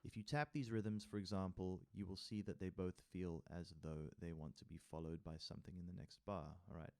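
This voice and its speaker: Male music theory tutor, low voice, mixes reading aloud with casual remarks and counts rhythms out. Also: fairly even intonation, brisk, hardly any pauses, darkish tone. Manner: reads text aloud, then adds casual asides and taps rhythms with sung syllables. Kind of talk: tutorial walkthrough reading from a workbook.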